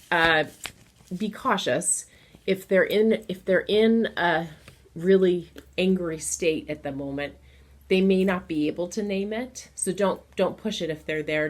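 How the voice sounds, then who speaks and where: Low-voiced woman giving earnest parenting advice. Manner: earnest, encouraging, specific. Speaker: children's educator advising parents. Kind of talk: casual advice talk to parents.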